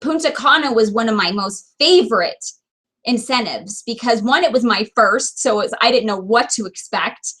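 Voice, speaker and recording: A woman's voice: on the high side, moderate pace, bright, forceful tone, husky. A woman leading a sales team, giving an earnest, emotional motivational talk straight to camera. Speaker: direct sales team leader.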